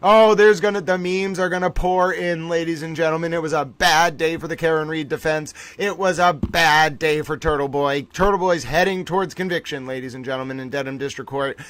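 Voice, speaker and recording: Male streamer host, higher-pitched voice, dry close sound, excitable and theatrical, trial-recap commentary. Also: no room sound. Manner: animated, theatrical, keeps saying "ladies and gentlemen".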